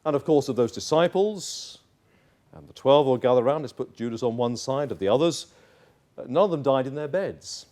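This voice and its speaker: A man's voice: mid-range voice, expressive, moderate pace, a little mellow. A male pastor preaching a sermon in church, emphatic and acting out little dialogues.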